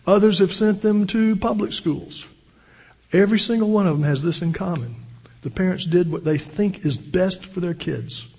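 A man's voice: on the high side, darkish tone, slightly rough. Older male pastor preaching in a reverberant hall. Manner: earnest, storytelling, with repeated restarts. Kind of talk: sermon.

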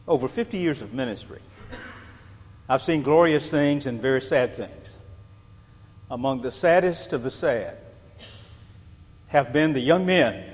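An older man preaching a sermon as a pastor, animated, repeating words and asking rhetorical questions. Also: medium pitch, husky. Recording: long reverb in a large hall.

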